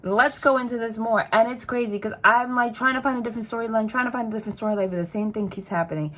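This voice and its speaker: A woman's voice: a little high, steady tone, fast talker, fairly bright tone. A woman giving a tarot reading to her viewers, chatty and emphatic, repeating phrases again and again. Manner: chatty and spontaneous, talks straight to the viewer. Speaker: tarot reader.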